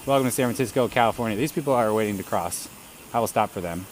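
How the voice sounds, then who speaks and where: A man's voice: fairly low pitch, fast talker, a little hiss or hum. A man chatting casually on a live stream while riding a bike outdoors, laughing often and greeting viewers. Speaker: bike livestreamer. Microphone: camera rig on the bike.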